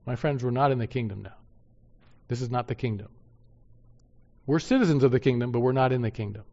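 A man preaching a sermon, building to loud, emphatic peaks on key points and then dropping low and quiet. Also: fairly quick, vocal fry. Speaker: pastor. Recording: muffled sound in a reverberant hall.

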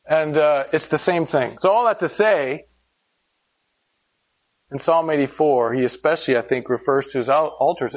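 A man's voice: a little high, creaky, muffled recording. A man preaching a sermon in a conversational way, asking rhetorical questions and telling stories with animation. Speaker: pastor.

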